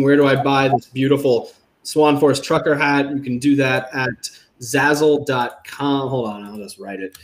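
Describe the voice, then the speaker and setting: A man hosts a livestream panel in an upbeat, quick, joking way. His voice sits at an ordinary middle pitch. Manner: upbeat, rapid, jokey. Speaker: host.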